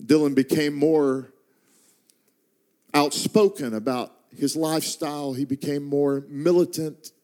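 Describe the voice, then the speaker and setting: A middle-aged man preaching to a church congregation, telling his own story with rising passion. His voice sits a little high yet sounds dark and mellow. He moves from quiet telling into fervent calls to God. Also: fairly even intonation, measured pace. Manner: personal storytelling that swells into impassioned prayer. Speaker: traveling preacher. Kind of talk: sermon. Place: church stage before a congregation.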